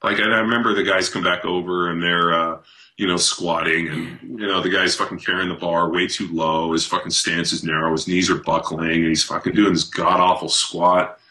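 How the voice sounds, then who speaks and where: A man's voice: deep voice, normal speed. A man who is a podcast guest and former pro football player, talking bluntly in a casual interview and telling stories full of swearing. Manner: blunt, heavily profane, animated storytelling.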